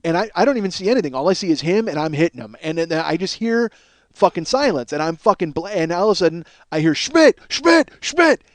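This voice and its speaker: Profane storytelling man, fairly high voice. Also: fast talker, dry recording. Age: middle-aged. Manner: animated, profane, acts out quotes. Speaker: podcast host. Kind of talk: storytelling monologue.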